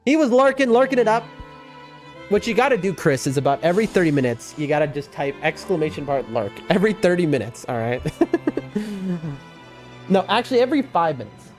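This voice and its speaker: Male streamer, slightly high voice, very animated, rambling chat over faint game music. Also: brisk. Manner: rambling, excitable, chatting with viewers. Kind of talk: casual live-stream chat.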